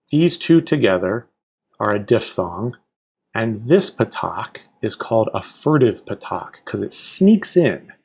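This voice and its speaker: Male language teacher, husky voice, very slow and deliberate, patient, sounds out each letter. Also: mid-range voice. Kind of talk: slow Hebrew reading lesson.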